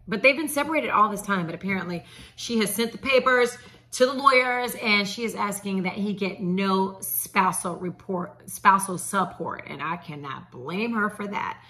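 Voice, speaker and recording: Female entertainment news host, sassy and chatty, bright forceful tone. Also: medium pitch, moderate pace. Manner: sassy, chatty, talks straight to viewers. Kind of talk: celebrity gossip commentary.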